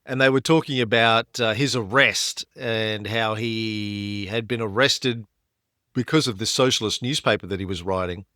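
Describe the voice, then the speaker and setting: A man's voice: fairly low pitch, normal speed, sharp tone, no echo, clean studio sound. A man co-hosting a history podcast, explaining events with frequent fillers and restarts. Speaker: podcast co-host.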